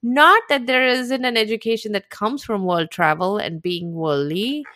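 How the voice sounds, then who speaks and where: A woman's voice: medium pitch, moderate pace, sharp tone, no echo. Agreeable woman podcast co-host, dry sound. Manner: agreeable, lots of back-channel yeahs and mm-hmms. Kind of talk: casual recap chat.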